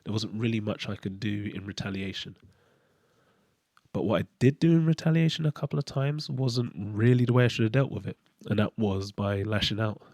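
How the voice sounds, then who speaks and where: A man hosting his own channel gives a candid personal monologue, speaking haltingly and often restarting as he searches for words. His voice is on the low side and a little mellow, with no echo.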